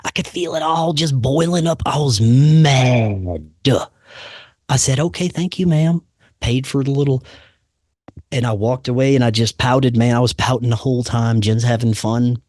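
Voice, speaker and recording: A man telling a personal story in casual chat, laid-back and saying "man" and "dude" a lot, doing animated voices for the people he quotes. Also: mid-range voice, normal speed, no echo, clean studio sound.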